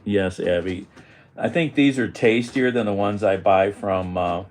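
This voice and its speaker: A man's voice: fairly low pitch, measured pace, darkish tone. A man vlogging casually at home, rambling to himself and his cats with some mild cursing. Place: home, indoors.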